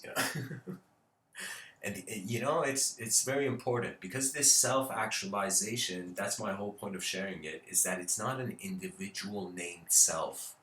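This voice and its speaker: Man, informal lecture, rambling and laughing, lowish bright voice, roomy echo. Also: a little slow, far from the mic, a little hiss or hum. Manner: rambling, laughs often, many fillers. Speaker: speaker.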